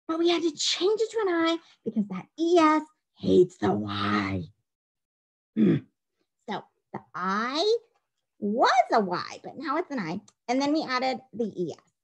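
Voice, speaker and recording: A woman teacher giving a recorded phonics dictation lesson, playful and spelling things out clearly. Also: sits high, poor audio.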